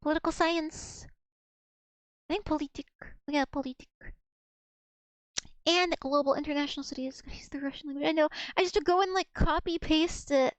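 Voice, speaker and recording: High-voiced chatty young woman streamer. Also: steady tone, a little fast, dry recording. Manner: chatty, giggly, rambling storyteller. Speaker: streamer learning Russian. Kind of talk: casual livestream chat.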